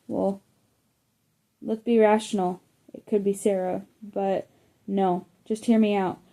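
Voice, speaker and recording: Laid-back teen boy from a storybook, read by a woman, flat even delivery, mellow tone. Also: medium pitch, takes it slowly. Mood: easygoing. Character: laid-back teenage boy, the narrator's friend.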